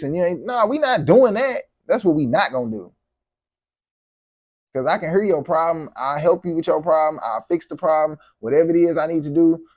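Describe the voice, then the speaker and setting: A man's voice: fairly high pitch, a little mellow, no room sound, clean studio sound. A man vlogging to camera, venting in a heated, profane, repetitive way.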